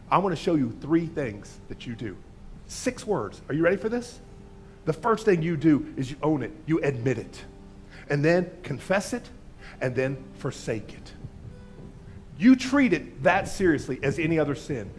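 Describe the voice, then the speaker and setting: A man who is a pastor, preaching an impassioned sermon in a church, swelling loud and dropping to soft asides. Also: on the high side. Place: church sanctuary.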